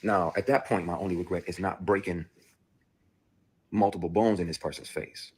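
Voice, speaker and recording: A man's voice: sits low, fairly even intonation, normal speed, a little mellow, a little hiss or hum. A man, an actor, bluntly and emotionally recounting a personal ordeal, with profanity. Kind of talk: played clip of a personal account.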